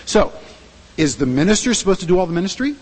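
A man's voice: high voice, sing-song, fast, a little mellow, slightly rough, big-room sound, poor audio. A male pastor preaching a sermon in a church, emphatic and full of rhetorical questions to the congregation.

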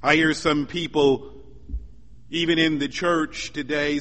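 A man preaching a sermon as pastor, measured and emphatic, building up through repeated lines. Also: on the high side, steady tone, fairly bright tone, big-room sound.

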